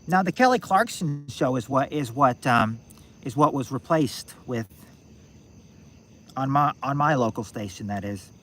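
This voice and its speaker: A man's voice: medium pitch, lively intonation, measured pace, a bit bright. A man of about sixty hosting a game-night stream, rambling and thinking aloud with many restarts. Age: 60s. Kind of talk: casual live-stream chat.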